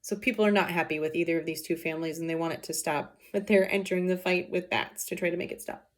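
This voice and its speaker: A woman's voice: on the low side, steady tone, fast talker. A woman teacher reading a play aloud and explaining it in casual, plain modern words. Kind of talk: read-aloud lesson with explanations.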